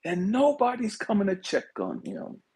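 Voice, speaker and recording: A man giving an impassioned spiritual talk, swinging between hushed whispers and shouted pleas. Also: high-pitched, huge pitch swings, moderate pace, slightly rough. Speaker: spiritual speaker. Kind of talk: impassioned motivational preaching.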